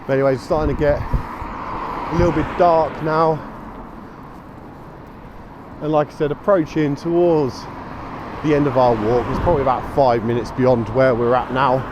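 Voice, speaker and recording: Man, mid-pitched voice, casual rambling dog-walk chat, action-cam mic, clear traffic noise outdoors. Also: steady tone, moderate pace, long pauses, dull audio. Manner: chatty, rambling, calls out commands to his dog. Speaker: dog walker vlogger. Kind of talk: casual walking commentary. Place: outdoors on streets and fields at dusk. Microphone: action camera mic. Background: traffic and street noise.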